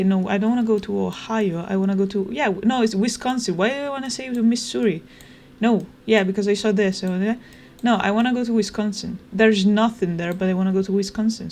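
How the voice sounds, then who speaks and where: A young woman chatting casually as she plays a video game, rambling and thinking out loud. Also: mid-range voice. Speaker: gaming streamer. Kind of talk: casual let's play commentary. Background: game music.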